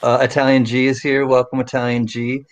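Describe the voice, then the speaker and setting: A man's voice: medium pitch, level tone, brisk. A man co-hosting a casual livestream, reading the chat and greeting viewers by name.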